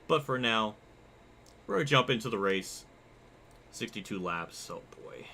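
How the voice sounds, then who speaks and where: A young man streaming a racing game, chatting casually and reacting excitedly while reading his chat. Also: on the low side, normal speed, slight background noise. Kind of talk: live gameplay commentary.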